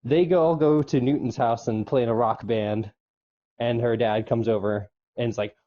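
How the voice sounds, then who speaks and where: Rambling with fillers, a man recaps an episode on his podcast, using a squeaky falsetto for character quotes. He speaks warmly at a moderate pace with fairly even intonation, and the audio sounds dull.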